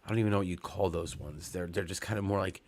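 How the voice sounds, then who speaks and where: Man, low voice, forties, from Long Island, rambling, swearing, casual podcast storytelling. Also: fast talker, darkish tone. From Long Island, New York. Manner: rambling, profane, many fillers and restarts. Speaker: podcast co-host.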